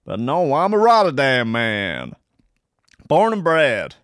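A man putting on the voice of a boastful Dutch man, loud, hearty and self-satisfied. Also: medium pitch, wildly swooping pitch, slow, clear, resonant tone, no echo, voice pushed up, exaggerated voice. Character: boastful Dutch man proud of his hometown.

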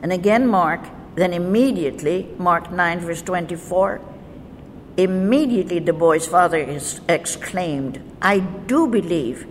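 Slow woman teaching scripture, long reverb. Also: lowish voice, animated. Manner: measured, deliberate reading of verses. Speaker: Bible teacher. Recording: faint noise with long reverb.

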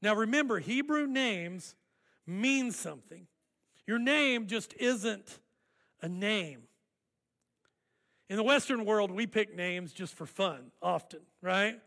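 A man preaching a sermon as pastor, deliberate and emphatic, drawing out key words. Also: high voice, animated, bright, forceful tone, big-room sound.

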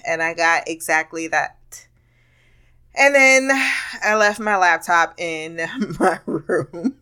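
A woman's voice: lowish voice, slow, pushed and bright, clean tone. A woman hosting a podcast, telling a rambling, candid story in a casual monologue with frequent laughter and swearing. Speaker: podcast host.

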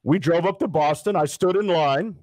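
A middle-aged man from Dallas telling stories in a casual interview, lively and acting out the people he quotes. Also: on the high side, normal speed, dry recording, clean studio sound. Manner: animated anecdote teller, acts out quoted people. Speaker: interview guest.

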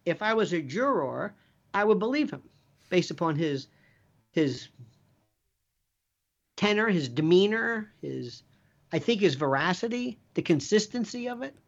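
A man's voice: high-pitched, very animated, a little slow, gravelly, long pauses, lo-fi sound. A middle-aged man, a former prosecutor, talking as a guest in a rambling, emphatic, jokey way that keeps drifting into side stories. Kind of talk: animated conversational storytelling.

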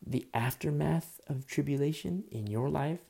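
A man preaching a sermon in an earnest, conversational way, sometimes dropping his voice low. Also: moderate pace, gravelly, warm tone, breathy edge. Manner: earnest, conversational preaching, drops to a whisper at times. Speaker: pastor.

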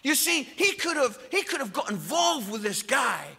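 A man's voice: very high-pitched, big pitch swings, moderate pace, vocal fry, pushed and bright, slightly rough, shouting, soft background music. A man preaching a sermon, passionate and emphatic, with jokes along the way. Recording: long echoing hall reverb.

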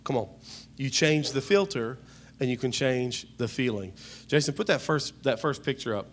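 A preacher man delivers a funny sermon in a middle-range voice. He tells stories and keeps calling out to the congregation for a response. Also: medium pitch. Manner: joking, storytelling, calls out to the congregation. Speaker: pastor. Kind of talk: humorous sermon.

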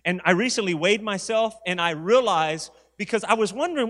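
Pastor, forties, male, high voice, animated storyteller, reverberant sanctuary. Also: brisk, hardly any pauses. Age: 40s. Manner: animated preaching with storytelling asides. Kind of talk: sermon. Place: church sanctuary. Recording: long reverb of a large hall.

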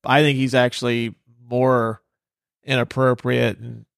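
A man's voice: medium pitch, level tone, unhurried, vocal fry, no echo, studio quality. A man hosting a podcast, chatting loosely about a film with many fillers and casual swearing. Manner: loose, filler-heavy, profane. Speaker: podcast host. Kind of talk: casual movie review chat.

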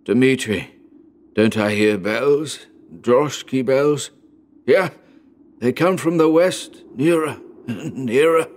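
A man voicing a dying old father in a horror story reading, speaking slowly and painfully in a thin, strained voice with halting words. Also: medium pitch, pitched above the performer's own voice, close to an everyday voice. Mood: feverish, insistent. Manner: slow, painful, halting speech. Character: dying old Siberian exile father, weak, feverish. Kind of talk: audiobook narration of horror story.

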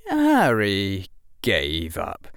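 A man's voice: deep voice, huge pitch swings, very slow, creaky, no room sound, clean studio sound. A man narrating an audiobook in a wry storytelling manner with asides.

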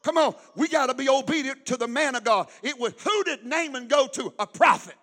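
A middle-aged pastor, preaching a sermon and swinging from loud shouts to hushed storytelling. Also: male voice, extremely high pitch, brisk, big-room sound.

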